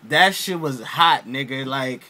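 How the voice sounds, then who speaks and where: A man's voice: mid-range voice, unhurried. A man giving a casual, profane game review, telling the story with lots of slang and acting out his own reactions. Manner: animated storyteller, heavy slang and swearing, acts out his reactions.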